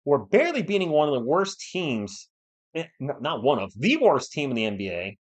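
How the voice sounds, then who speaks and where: A man from New England hosting a live sports stream, giving play-by-play and answering viewers in an excitable, fired-up way. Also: a little high, fairly quick. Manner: excitable, fired-up, talks straight to chat viewers. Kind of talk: live play-by-play commentary and chat replies.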